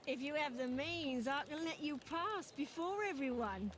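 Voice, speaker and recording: An actress voicing a flirtatious Victorian streetwalker in a video game, with a coaxing manner. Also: female voice, high-pitched, expressive, moderate pace, fairly bright tone, slight background noise. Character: sultry Victorian streetwalker woman, teasing.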